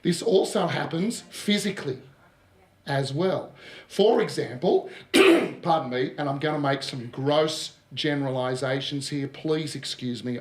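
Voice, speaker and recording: Roomy-sounding Australian man presenting a workshop. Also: mid-range voice. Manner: lively, joking with the audience, drops asides. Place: large room with live audience. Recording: roomy echo of a hall.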